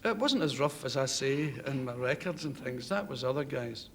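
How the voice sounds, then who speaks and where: Lively Glaswegian comedian in his thirties. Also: medium pitch, normal speed. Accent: Glaswegian Scottish. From Scotland. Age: 30s. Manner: animated, laughs through his own stories. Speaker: comedian guest. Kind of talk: anecdotal chat show storytelling. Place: television studio with audience. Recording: noisy 1970s television audio.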